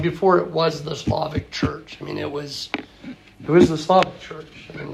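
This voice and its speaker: Gravelly male priest, halting speech. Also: a little high. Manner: halting, many fillers and restarts. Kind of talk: interview conversation. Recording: noticeable background noise.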